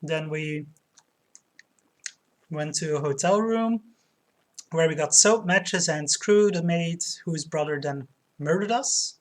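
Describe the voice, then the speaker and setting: A woman's voice: deep voice, slow, long pauses. A woman chatting through a let's play, giggling and reading viewers' messages aloud. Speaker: streamer. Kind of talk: let's play game commentary.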